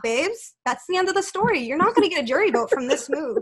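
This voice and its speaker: Sassy high-voiced woman, taunting. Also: big pitch swings, quick pace. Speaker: player in a fan-made reality game roleplay. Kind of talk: trash-talking banter.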